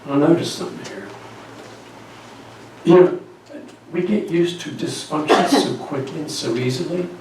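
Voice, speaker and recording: Guy preaching, storytelling, a bit high voice, super echoey church, mic kinda far. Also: normal speed, a little mellow, a little hiss or hum. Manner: storytelling, asks the congregation questions. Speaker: pastor. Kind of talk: sermon. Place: church sanctuary.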